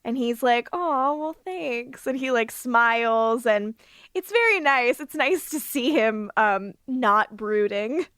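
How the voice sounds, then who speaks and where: A woman with a fairly high voice, recapping episodes on a casual rewatch podcast. She talks in an animated way, acts out the characters' lines and laughs often. The sound is dry and close to the mic. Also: slow, smooth, dry recording. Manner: animated recapping with acted quotes and frequent laughs. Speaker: podcast co-host.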